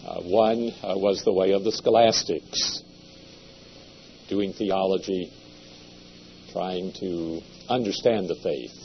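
A man giving a seminary lecture in a measured, deliberate way, with occasional hesitations. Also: low-pitched, vocal fry. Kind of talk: classroom lecture. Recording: dull lo-fi lecture recording with faint hum.

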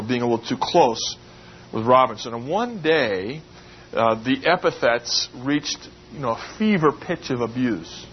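A man preaching a sermon in a church, telling a story conversationally and rising sharply in pitch when he stresses a point. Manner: conversational, building to emphatic rises in pitch. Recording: slightly dull recording with faint noise.

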